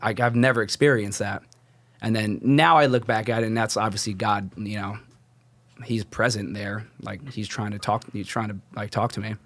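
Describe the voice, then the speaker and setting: A young man with a lowish, slightly bright voice, recorded dry, shares his personal faith story as a podcast guest. His casual testimony rambles, packed with "like" fillers and restarts.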